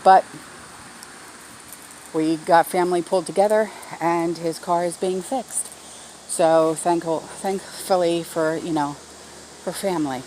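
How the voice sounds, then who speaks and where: A woman's voice: lowish voice, steady tone, unhurried, pauses often, warm tone, a little hiss or hum, poor audio. A middle-aged woman talking casually in a rambling, heartfelt way, with lots of fillers, in a backyard garden video. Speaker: garden vlogger. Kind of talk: casual vlog talk.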